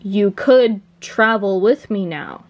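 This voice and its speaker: A woman's voice: medium pitch, lively intonation, takes it slowly, muffled recording. A woman voicing an eager, direct male alien time traveller.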